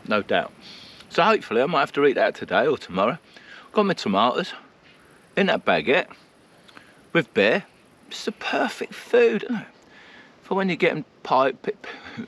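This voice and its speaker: A man's voice: on the high side, sing-song, moderate pace, long pauses, fairly bright tone, husky. A man chatting casually to camera while camping in the countryside, self-mocking and laughing often. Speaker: vlogger. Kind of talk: casual vlog chat to camera. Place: outdoors at a countryside campsite.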